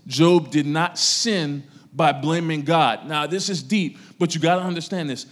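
Man preaching with a fairly high voice. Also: brisk, hardly any pauses. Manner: preaching with strong rises and drops in loudness. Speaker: pastor. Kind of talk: sermon.

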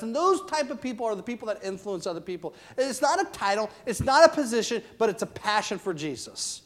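A middle-aged male pastor preaches with passion, his voice pitched high for a man. He punches key lines loudly, then drops to quiet, earnest asides. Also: sing-song, brisk, hardly any pauses. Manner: passionate, swinging from loud to hushed. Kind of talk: sermon.

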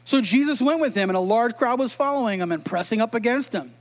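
Playful middle-aged pastor, very high voice, storytelling sermon. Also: male voice.

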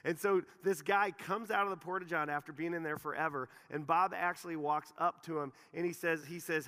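A man preaching a sermon, telling a story with animated, repetitive phrasing in a church hall. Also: on the high side, a little fast, hardly any pauses. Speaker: pastor.

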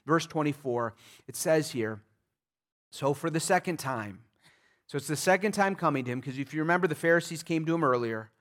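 A pastor preaching a sermon in an emphatic, conversational way, with frequent restarts and vivid asides. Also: male voice, fairly high pitch, fast talker.

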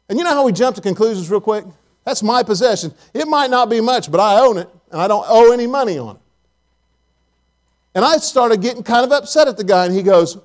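High-voiced man preaching folksy sermon. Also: animated, fast. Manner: folksy storytelling, asks congregation questions. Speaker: pastor. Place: church.

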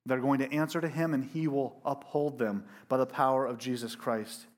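A male pastor preaching a sermon to a congregation in an animated, emphatic and self-deprecating way. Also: medium pitch, moderate pace. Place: church room with a congregation.

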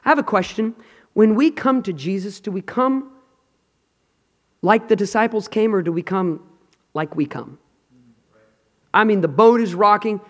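A male preacher with a high, ringing voice delivers an impassioned sermon in a reverberant hall. He reads scripture in dramatic bursts. He swings from shouts down to hushed, almost whispered passages. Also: unhurried, pauses often.

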